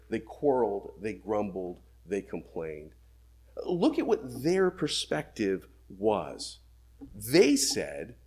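A man's voice: mid-range voice, a little mellow, slightly rough. A man preaching a sermon, reading scripture aloud and then explaining it with emphatic questions.

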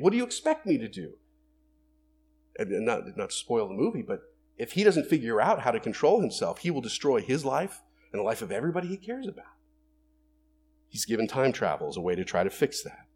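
A man preaching a sermon in a conversational, animated way, asking rhetorical questions and acting out everyday quotes. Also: medium pitch, a little hiss or hum. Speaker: pastor.

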